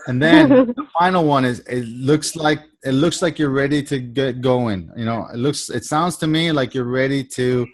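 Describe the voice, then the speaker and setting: A man's voice: medium pitch, moderate pace, hardly any pauses. A middle-aged man hosting a sales coaching call, talking energetically and acting out both sides of sales conversations. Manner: energetic, repeats himself, acts out both sides of calls. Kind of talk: casual coaching talk with role-played sales dialogue.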